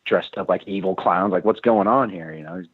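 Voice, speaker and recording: A guest musician with a low, husky voice and a brisk pace tells rambling stories in a casual interview, chuckling often. The recording is dry and comes over a tinny phone line.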